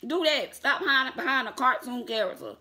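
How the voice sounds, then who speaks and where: Woman, vlogger, bright voice, chatty, sassy, laughs a lot, casual talk to viewers. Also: high voice, lively intonation, fairly quick, a little hiss or hum. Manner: chatty, addresses viewers as y'all, laughs often; defiant and sassy when calling out critics.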